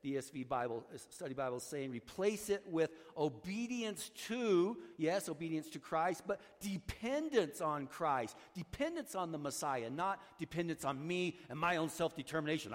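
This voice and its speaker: A male pastor preaching a sermon, swinging between loud urging and hushed, low passages. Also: lively intonation, moderate pace, big-room sound.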